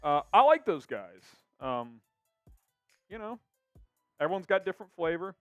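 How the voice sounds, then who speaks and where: Upbeat young male stream host, slightly high voice, smooth and clean, close dry mic. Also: very animated, moderate pace, fairly bright tone, no echo, lo-fi sound, soft background music. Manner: upbeat, reads viewer comments aloud. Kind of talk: casual live-stream chat.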